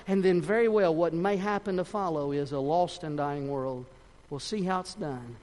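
A man preaching a sermon and giving an altar call, swinging from soft pleading to loud impassioned peaks. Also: on the high side, moderate pace, big-room sound. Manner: impassioned, rising to near-shouting peaks then dropping soft. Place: church sanctuary.

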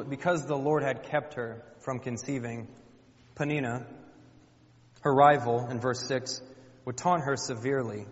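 A man preaching in a church, emphatic and plain-spoken, leaning on repetition to drive points home. His voice sits at a middling pitch. The recording is muffled and lo-fi, with a long reverb from the hall. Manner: colloquial, emphatic, repeats phrases for effect. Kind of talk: sermon.

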